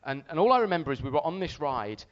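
A man preaching a sermon to a congregation, telling a story with animated, shouted re-enactments. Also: fairly high pitch, quick pace, clean tone, highs cut off.

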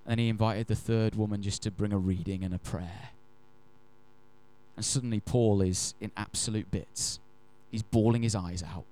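A man preaching a sermon. He tells stories in an animated, emphatic way and slows down to stress key phrases. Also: on the low side. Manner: animated, emphatic storyteller who acts out quotes. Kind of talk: sermon with storytelling.

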